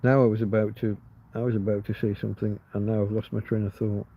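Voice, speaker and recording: A man's voice: fairly low pitch, flat delivery, fast, husky. A man from England, hosting a rambling live chat and talking to himself as he works things out. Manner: musing, self-interrupting, easily puzzled. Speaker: livestream host. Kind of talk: rambling live chat, reading comments aloud. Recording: slightly dull, lo-fi stream audio.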